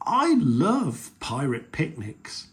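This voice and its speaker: A man voicing a cheeky, eager little girl piglet in a read-aloud storybook, with an excitable squealing manner. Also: on the high side, very slow, full character voice. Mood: excited.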